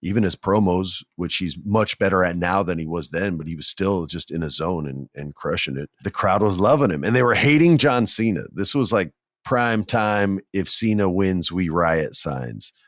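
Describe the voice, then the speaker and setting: A man hosting a podcast, telling a story in a casual, animated, jokey way and acting out the people he quotes. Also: low-pitched, normal speed, dry recording, clean studio sound. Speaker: podcast host. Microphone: podcast mic, on video.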